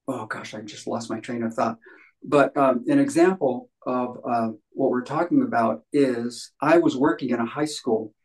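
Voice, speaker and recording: A man's voice: mid-range voice, a little mellow, poor audio. A man telling a long anecdote in a casual interview, rambling with many fillers and acting out the voices of others. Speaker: guest, healing practitioner.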